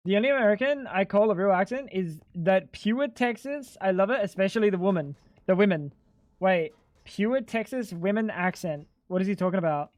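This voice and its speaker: A high-voiced man chatting casually while he streams a game. He explains bluntly, often sounds exasperated and swears freely. His voice sits close and dry, with no room sound at all. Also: lively intonation, normal speed, no room sound. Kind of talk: casual livestream chat while gaming.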